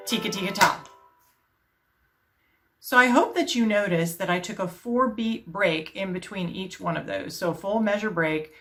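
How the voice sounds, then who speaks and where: A middle-aged woman, an elementary music teacher, explaining her classroom routine step by step and chanting rhythm syllables to a steady beat. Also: on the low side. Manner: explains step by step in a calm, practical way. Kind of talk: teaching video demonstration.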